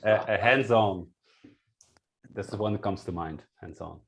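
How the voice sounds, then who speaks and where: A man with a fairly low voice joins a relaxed podcast conversation as a guest. He speaks in a halting way, stopping and restarting as he goes. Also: vocal fry. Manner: halting, with frequent fillers and restarts.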